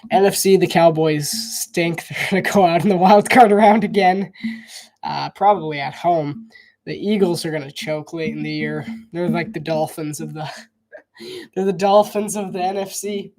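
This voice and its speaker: A man's voice: fairly high pitch, fairly even intonation, moderate pace, darkish tone. A man doing casual live football commentary, rambling and restarting his sentences, coughing often. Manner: rambling, repeats himself, frequent restarts. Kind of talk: casual live play-by-play and opinion chat.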